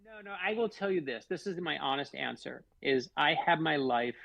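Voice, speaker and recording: A man's voice: fairly high pitch, normal speed, vocal fry, no room sound, low-quality recording. A man, a guest author, telling personal stories in a radio interview and acting out the dialogue in them. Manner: animated storyteller, acts out quoted dialogue.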